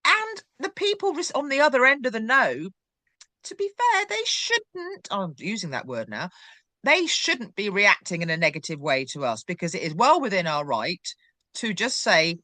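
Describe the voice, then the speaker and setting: A middle-aged woman hosting a podcast, chatting in a lively, emphatic way. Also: medium pitch, moderate pace, no echo. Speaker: podcast host. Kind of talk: casual chat.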